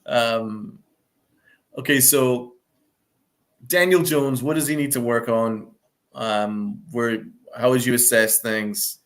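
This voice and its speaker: A man's voice: medium pitch, fairly even intonation, slow pace, pauses often, fairly bright tone. A young man co-hosting a casual sports post-game show, hesitant, with lots of ums, putting questions to his co-host. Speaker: podcast co-host.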